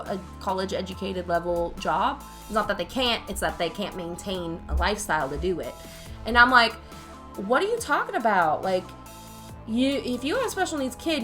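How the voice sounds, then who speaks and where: A woman with a lowish, fairly bright voice co-hosts a casual podcast chat; she's a special needs teacher who talks bluntly, rants and curses freely.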